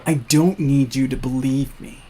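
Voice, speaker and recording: A suave, cold villain voiced by a man who speaks slowly and with menace, every word drawn out. His pitch sits mid-range and sounds smooth and controlled. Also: fairly even intonation, mellow. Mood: menacing. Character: suave male villainous future self, cold.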